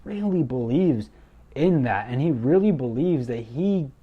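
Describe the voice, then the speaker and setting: A young man excitedly recapping a wrestling show, gushing and repeating himself as he goes. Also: medium pitch, unhurried, husky, phone-quality sound. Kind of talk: enthusiastic recap commentary.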